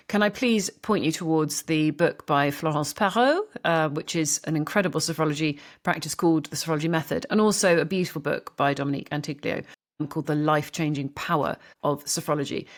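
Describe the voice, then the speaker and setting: A woman hosting a podcast interview, talking in an animated, enthusiastic way. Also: sits low. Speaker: podcast host. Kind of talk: conversational interview.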